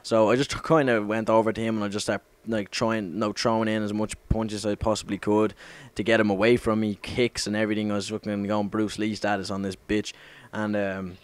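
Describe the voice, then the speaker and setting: A man's voice: lowish voice, little pitch movement, brisk, clear, resonant tone. A young man telling a story casually over gameplay, rambling, swearing a lot and correcting himself as he goes. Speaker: gaming commentator.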